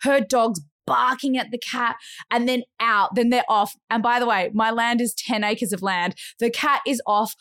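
A woman's voice: on the high side, fairly even intonation, normal speed, fairly bright tone, dry recording, studio quality. An Australian woman in her thirties, a podcast co-host telling a story in casual chat. She talks animatedly, acts out other people's voices and says "like" a lot.

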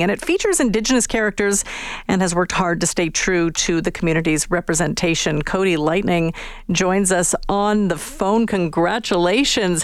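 A woman's voice: on the low side, dry recording, studio quality. A woman from Canada hosting a morning radio show, chatting in an upbeat, enthusiastic way as she interviews a guest.

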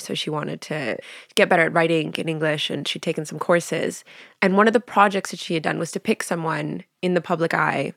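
A woman's voice: on the low side, gravelly, fairly bright tone, no echo, clean studio sound. A woman in her thirties from Canada, a podcast guest who tells stories with animation, laughs often and acts out what people said. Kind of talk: casual interview chat.

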